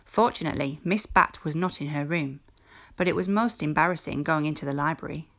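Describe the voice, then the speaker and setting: A woman teacher reading a children's book aloud in a clear, measured storytelling voice. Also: low-pitched, a bit bright.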